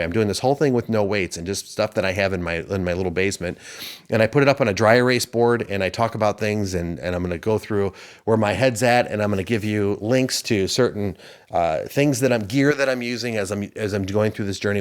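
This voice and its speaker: A man in his fifties hosting a podcast, giving a rambling, preachy motivational monologue. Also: lowish voice. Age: 50s. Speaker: podcast host.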